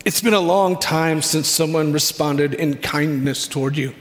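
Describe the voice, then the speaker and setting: A man's fairly high voice carries slowly through a reverberant hall. He preaches as a guided meditation, drawing listeners into the scene with a reflective manner and long, dramatic pauses. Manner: slow, reflective second-person storytelling with dramatic pauses.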